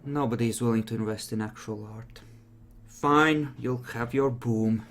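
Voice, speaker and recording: A man's voice: mid-range voice, steady tone, measured pace, a little hiss or hum, close to an everyday voice. A man playing a peevish bomb-supply dealer. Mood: grudging. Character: peevish explosives dealer who calls bombs art.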